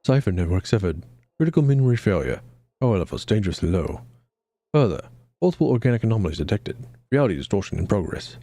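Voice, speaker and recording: A man voicing a failing ancient city computer in a flat, clipped report readout. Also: on the low side, quick pace. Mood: clipped, mechanical.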